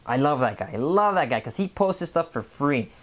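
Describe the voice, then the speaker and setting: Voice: mid-range voice, sing-song, a little fast. A vlogger of Mexican background talking in a casual monologue, rambling, stopping and restarting, and repeating words. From Mexican family background. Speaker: health vlogger.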